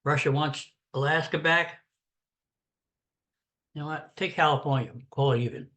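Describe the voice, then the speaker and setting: A man's voice: a little high, steady tone, normal speed, bright, forceful tone. An older American man giving a blunt, sarcastic, rambling political rant in a casual monologue. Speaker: political commentator.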